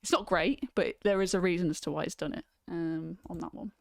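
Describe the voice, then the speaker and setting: A woman's voice: on the low side, fairly even intonation, brisk, creaky, darkish tone, dry recording, clean studio sound. A woman hosting a casual livestream film chat, talking loosely with many ums and reading out viewer comments. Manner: chatty, reads out viewer comments, frequent ums. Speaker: host.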